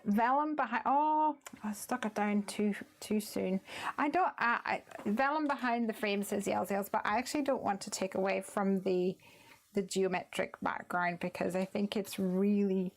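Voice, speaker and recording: A woman hosting a live card-making stream, chatting as she works, thinking aloud and sometimes dropping to a soft murmur. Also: mid-range voice, moderate pace. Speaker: crafting livestream host. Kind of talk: live crafting demo with chat.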